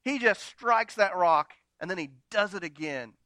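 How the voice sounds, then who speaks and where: A man preaching a sermon from slides. He swings between loud, dramatic retellings and quiet, intimate asides to the congregation. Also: high-pitched, animated, moderate pace, no echo. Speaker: pastor.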